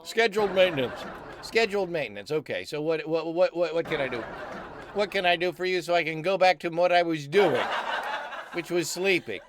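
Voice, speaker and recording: A man's voice: fairly high pitch, moderate pace, noisy background. A man hosting a comic stream, rambling and stammering, often cutting himself off and answering his own questions. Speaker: comedy stream host. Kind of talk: rambling comic livestream banter.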